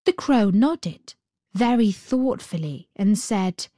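A woman reading a fairy tale aloud in a gentle, unhurried and expressive way. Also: mid-range voice, no echo, clean studio sound. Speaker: storyteller.

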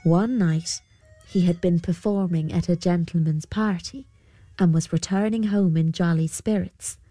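A woman narrating a folktale in a measured storybook manner. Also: on the low side, fairly even intonation, dark tone, dry recording, faint music behind.

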